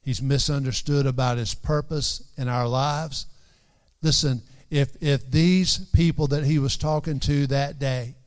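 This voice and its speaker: A male preacher delivering a sermon at an unhurried pace, his voice smooth and resonant. He talks earnestly, circling back to repeat key phrases, and slips into old-fashioned scripture wording when he quotes. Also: mid-range voice, steady tone.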